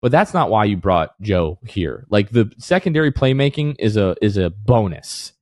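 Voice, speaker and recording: A man co-hosting a casual sports podcast rants heatedly, then apologizes in a half-joking way. His lowish voice has lively intonation, a moderate pace and a slightly mellow quality. The studio-quality recording has no room sound.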